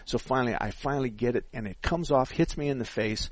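A man's voice: medium pitch, fast talker, no room sound. A man in his sixties hosting a call-in radio show, telling stories in casual chat, laughing often and acting out the people he quotes.

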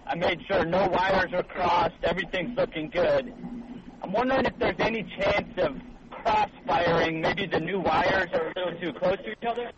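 A man's voice: high voice, normal speed, over a noisy crowd. Casual male caller on a muffled line. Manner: casual, friendly.

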